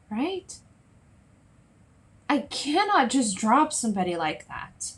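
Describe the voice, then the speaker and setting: A woman coach talking to her viewers on a live stream, chatty and lively, often checking in with "right?" and "okay?". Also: a little high, takes it slowly, pauses often. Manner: lively, acts out little scenes in other voices. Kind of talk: solo Facebook Live talk to viewers.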